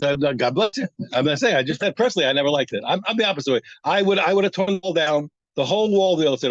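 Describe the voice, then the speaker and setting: A man teaching a daf yomi Talmud class, acting out both sides of the argument with halting restarts. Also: on the high side, expressive, dry recording, dull audio.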